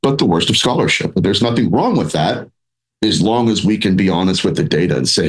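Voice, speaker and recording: A man with a somewhat low voice talks as a podcast guest. He is animated and rambling, restarting his sentences and slipping into little acted-out voices as he explains. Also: brisk, low-quality recording. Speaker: paranormal researcher and author, podcast guest. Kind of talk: conversational interview.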